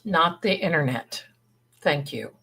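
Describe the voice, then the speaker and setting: A woman's voice: deep voice, animated, measured pace, creaky, a bit bright, a little hiss or hum, poor audio. A middle-aged woman hosting a livestream, chatting in a rambling, casual way and thinking aloud. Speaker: livestream host.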